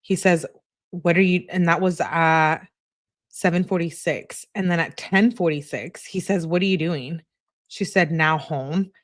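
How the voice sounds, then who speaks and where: A woman's voice: lowish voice, steady tone, unhurried, no echo, studio quality. A woman hosting a true-crime channel, reading text messages aloud and adding chatty asides between the lines.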